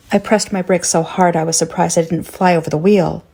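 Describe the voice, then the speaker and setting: A woman narrating a first-person horror story in a tense, measured way. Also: lowish voice, steady tone, creaky, mellow, breathy edge.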